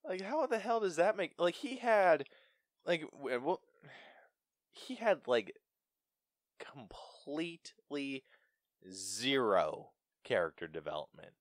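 A man's voice: on the high side, slow, long pauses, no echo, studio quality. A man co-hosting a podcast, chatting casually about a film and acting out lines from it with laughter. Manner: animated, laughing, acts out quoted lines. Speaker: podcast co-host. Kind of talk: casual movie review chat.

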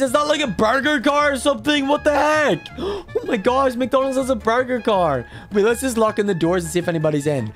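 Man playing a greedy little toddler, very high squeaky voice, game music faint underneath. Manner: high babyish voice, excitable gaming chatter. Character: mischievous toddler boy, excitable and greedy. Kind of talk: gameplay commentary in character.

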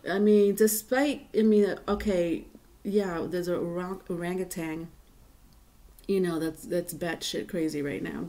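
A woman's voice: lowish voice, mellow. A woman giving a casual tarot reading to viewers, rambling and chatty with many fillers and restarts. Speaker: tarot reader.

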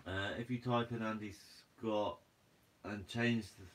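Guernsey guy in his 20s doing a chill live q&a, reads chat out loud, easygoing. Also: on the low side, steady tone, a little slow. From Guernsey, Channel Islands. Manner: casual, chatty, reads viewer comments aloud. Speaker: fishing channel host. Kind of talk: live stream Q&A reading chat.

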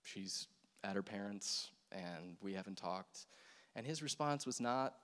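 A man in his thirties giving an earnest, reflective personal testimony on a church stage, speaking with soft pauses. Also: fairly low pitch, animated, smooth. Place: large hall with stage. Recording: long hall reverb.

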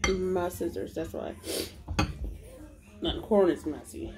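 A woman's voice: lowish voice, slow. A woman vlogging a mukbang at home, chatting to her viewers as she eats and hums over her food. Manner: chatty, addresses viewers as y'all, smacks and hums while eating. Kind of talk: mukbang eating vlog, casual chat. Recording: noisy home recording. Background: a baby crying and household noise.

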